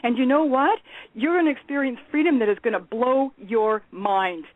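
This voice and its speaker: A woman calls in to a talk show and delivers an impassioned, profane rant, blunt and urgent throughout. Her voice sits fairly high. The sound is a dry, tinny phone line. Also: normal speed, no room sound. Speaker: guest.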